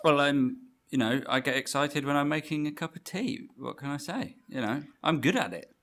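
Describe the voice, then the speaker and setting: A man's voice: on the high side, lively intonation, normal speed, fairly bright tone. A man co-hosting a video game podcast, chatting casually with dry, self-deprecating humour. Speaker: podcast co-host.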